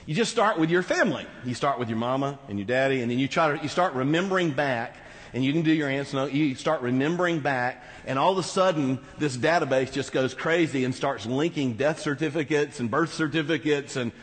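The speaker is a man with a mid-range voice, preaching briskly as pastor in a large church hall. He addresses the congregation conversationally with rhetorical asides, and the sound is reverberant.

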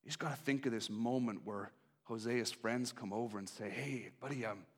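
A man preaching a sermon in a conversational, animated storytelling style. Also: mid-range voice, fairly quick. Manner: animated, conversational, acts out characters.

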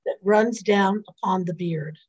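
Woman reading scripture at a measured pace. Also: mid-range voice, darkish tone, slightly rough, lo-fi sound. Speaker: scripture reader. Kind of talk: liturgical responsive reading.

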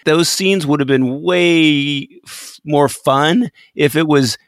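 A man's voice: a little high, takes it slowly, dry recording. A man with a slightly raised voice talks through a scene he loved, laughing often as he builds up the joke. The sound is dry and close, with no room in it. His chat is loose and casual, full of restarts and asides. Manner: animated storytelling, frequent laughs. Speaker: podcast co-host.

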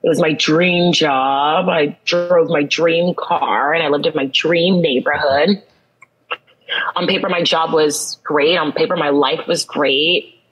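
A woman's voice: deep voice, steady tone, slow pace, muffled recording. A woman guest in a podcast interview, telling a personal story with earnest, emphatic repetition. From United States.

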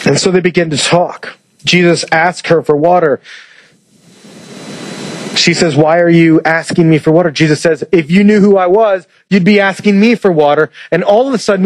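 A man's voice: sits high, no room sound, rough recording. A male pastor giving a sermon in a conversational way, asking rhetorical questions and retelling scripture in plain words.

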